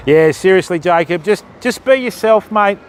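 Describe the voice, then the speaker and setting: A man's voice: high voice, expressive, a little slow, a little hiss or hum. An Australian man hosting a live fishing stream outdoors, chatting and joking with his viewers while he casts. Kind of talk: casual live-stream chat.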